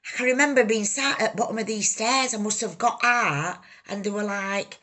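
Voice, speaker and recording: A woman telling her own life story, halting, raw and emotional, swearing freely. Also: medium pitch, pushed and bright. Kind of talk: personal life story told to camera.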